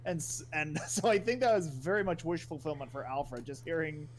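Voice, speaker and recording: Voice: medium pitch, a little fast, slight background noise. A co-host chatting casually on stream, jokey and swearing, laughing often.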